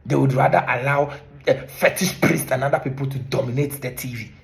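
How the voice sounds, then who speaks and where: A man's voice: medium pitch, fairly even intonation, a little fast, creaky. Indignant Ghanaian man scolding leaders. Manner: indignant, scolding with repeated rhetorical questions. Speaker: vlogger, former teacher. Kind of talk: impassioned monologue to camera.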